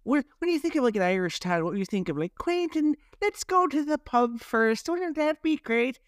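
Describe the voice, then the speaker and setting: Lively mocking podcast co-host, smooth voice. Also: high-pitched, normal speed, dry recording, clean studio sound. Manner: mocking, jokey, laughs often. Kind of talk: casual movie review chat.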